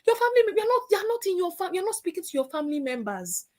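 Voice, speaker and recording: High-voiced woman lecturing. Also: fast talker. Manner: lively, scolding, acts out caller voices. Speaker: workshop trainer. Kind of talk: lecture to trainees.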